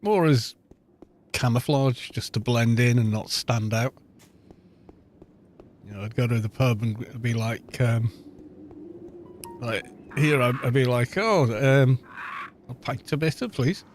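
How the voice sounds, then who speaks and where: Welsh male game streamer, middle-aged, easygoing self-deprecating chatter at a mid-range pitch. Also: fairly even intonation, slow, long pauses, darkish tone, a little hiss or hum. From Wales. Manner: self-mocking, rambling, chatty. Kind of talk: casual gameplay chat.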